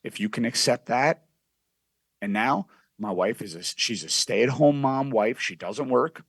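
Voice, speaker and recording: Guy on a podcast, loud and crude storytelling, dry close sound, mid voice. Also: mid-range voice, a little slow, slightly rough, no echo. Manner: brash, profane, animated storytelling. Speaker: podcast guest. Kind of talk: casual storytelling.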